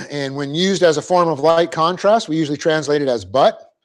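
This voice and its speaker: A middle-aged man giving a classroom lecture on Greek grammar as a Bible teacher, explaining patiently, often checking in with his class and laughing at his own slips. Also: on the high side. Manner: light-hearted, quick to laugh at himself. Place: church classroom.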